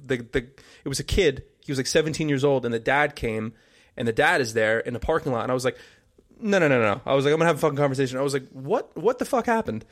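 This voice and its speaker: A young man co-hosting a casual podcast, talking quickly. He tells his story with plenty of swearing and lively quoted lines. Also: medium pitch. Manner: storytelling, profane, animated retelling. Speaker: podcast co-host. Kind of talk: casual chat.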